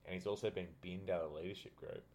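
A young Australian man with a very low voice tells rambling footy stories in a relaxed podcast chat. He drifts from point to point and swears casually. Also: fast talker, very noisy. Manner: rambling, laid-back storyteller, swears casually. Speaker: podcast co-host. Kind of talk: casual sports banter.

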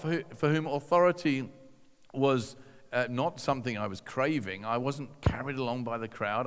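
A man giving a personal testimony to an audience in a conversational, self-deprecating storytelling manner with dry asides. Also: on the high side. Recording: long reverb from a large hall.

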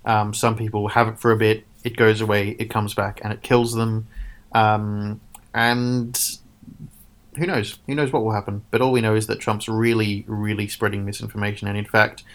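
A man's voice: lowish voice, level tone, normal speed, a bit bright. A man co-hosting a casual chat, ranting sarcastically and swearing. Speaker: podcast co-host.

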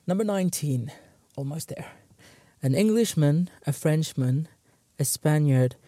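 Man, joke reader, stifled giggles, slightly raised pitch, dry close sound. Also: dark tone, no room sound. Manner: stifling laughter, muttering to himself. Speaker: host. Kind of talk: reading jokes while trying not to laugh.

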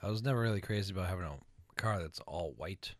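A man's voice: deep voice, fast, no room sound, clean studio sound. A man telling stories in a casual chat, wry and sarcastic, often chuckling.

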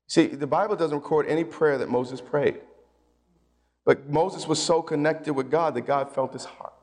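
High-voiced pastor preaching in an echoing hall. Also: male voice, normal speed. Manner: energetic and conversational, with colloquial asides. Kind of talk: sermon.

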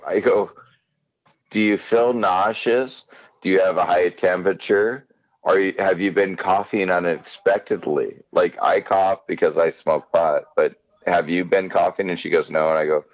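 Deep-voiced man rambling in casual chat. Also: lo-fi sound. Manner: rambling, animated, acts out quotes. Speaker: podcast co-host.

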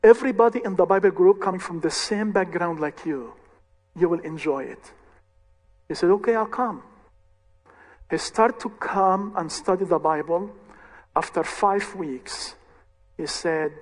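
A man with a fairly high voice tells a story slowly and earnestly, one short phrase at a time. He speaks as a ministry leader, and his voice carries a long reverb, as if he were recorded in a big hall. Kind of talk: recounting a conversion story.

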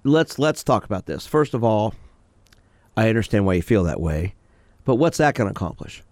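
Radio host, male, low voice, dry close sound, direct advice-giver. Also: sing-song, normal speed, darkish tone, no echo. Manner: direct, questioning, advice-giving. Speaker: radio show host, sport psychologist. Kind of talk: call-in radio talk.

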